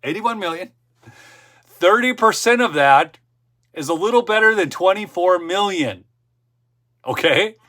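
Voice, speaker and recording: Bright-voiced man ranting on a livestream. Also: high voice, animated, measured pace, long pauses. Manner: ranting, emphatic, repeats for effect; frequent "okay?" asides and self-interruptions. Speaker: political livestream host. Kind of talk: casual political livestream commentary.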